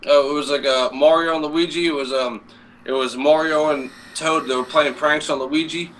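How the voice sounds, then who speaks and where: On a casual live stream, a male co-host rambles and swears, filling his speech with fillers. His voice is fairly high, steady and fairly bright, at normal speed, picked up by a distant mic with some faint noise.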